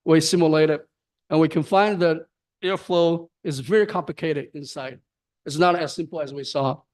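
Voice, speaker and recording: Halting lecturer with a slightly high voice. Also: male voice, a little mellow. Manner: halting, repeats words, frequent "right?". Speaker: guest lecturer. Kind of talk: academic lecture on research.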